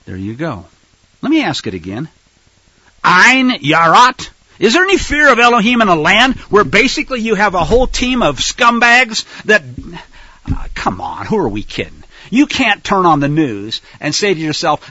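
A man preaching in an animated, rhetorical style, addressing listeners as folks, on a dull lo-fi recording. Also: sits high, moderate pace, husky, no echo. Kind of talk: sermon-style Bible teaching.

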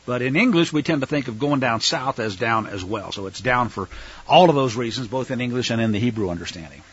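Husky man explaining scripture casually. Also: medium pitch, lively intonation, brisk, highs cut off. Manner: conversational, explaining, with fillers and asides. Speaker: Bible teacher. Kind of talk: casual verse-by-verse Bible teaching.

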